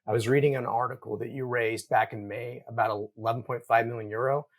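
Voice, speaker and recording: A man's voice: medium pitch, steady tone, fairly quick. A man hosting an interview podcast, summarizing his guest's points and leading with questions. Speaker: podcast host.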